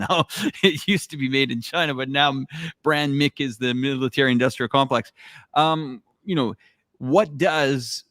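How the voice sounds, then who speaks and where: A man's voice: mid-range voice, a bit bright, no echo, clean studio sound. A man co-hosting an interview, asking long, rambling questions with many fillers and hesitations.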